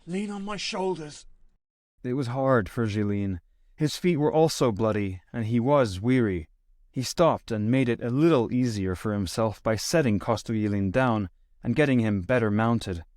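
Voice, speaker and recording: A man's voice: on the low side, normal speed, no room sound, studio quality. Man narrating a classic story. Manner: steady storytelling, lifts voice for quoted speech. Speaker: audiobook narrator. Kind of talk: scripted narration.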